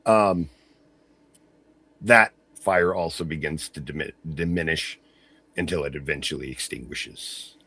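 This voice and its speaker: A man's voice: extremely low pitch, measured pace, long pauses, sharp tone. A man narrating a tabletop game as game master in a descriptive style, with frequent fillers.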